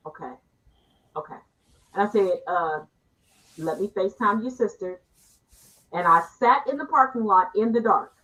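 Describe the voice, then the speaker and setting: Bright animated woman hosting a panel. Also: mid-range voice, rough recording. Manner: animated storyteller, quick asides and teasing. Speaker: panel host. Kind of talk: casual panel chat.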